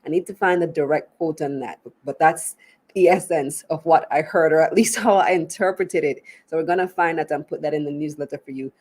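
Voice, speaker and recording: A woman's voice: low-pitched, a little fast, darkish tone, husky. Chatty Jamaican woman hosting business show. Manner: chatty, upbeat, laughs easily. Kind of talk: live-streamed business interview.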